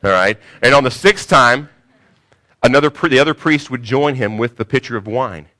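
A man preaching a sermon, swinging from hushed, slow phrases to loud cries, sometimes repeating words as he searches for the next one. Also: mid-range voice, expressive. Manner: emphatic, repeats words while searching for them. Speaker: pastor.

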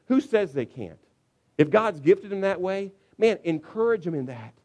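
A man preaching a conversational sermon on parenting as a pastor, animated, briefly acting out shouting parents. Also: high voice, fairly quick.

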